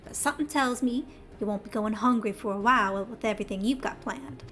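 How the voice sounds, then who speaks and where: A woman's voice: fairly high pitch, fairly quick, a bit bright, close to an everyday voice. A woman reading game dialogue aloud, voicing a blunt, folksy middle-aged male schemer in a heavy Southern US twang. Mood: wry. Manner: folksy, blunt, rough-spoken.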